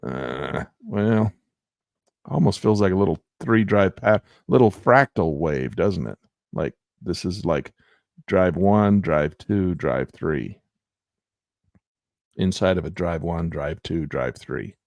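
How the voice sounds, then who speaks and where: A man with a low, gravelly voice walks through his stock trades in casual commentary, rambling and folksy. His pitch swings widely as he talks, often half to himself. The sound is dry and close. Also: lively intonation, takes it slowly, darkish tone, no room sound. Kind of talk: casual commentary over trading charts.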